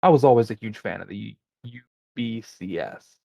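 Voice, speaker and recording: A man's voice: lowish voice, lively intonation, moderate pace, vocal fry, dry recording, dull audio. A man co-hosting a podcast, talking casually and rambling as he looks things up mid-conversation. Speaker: podcast co-host. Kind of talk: casual chat.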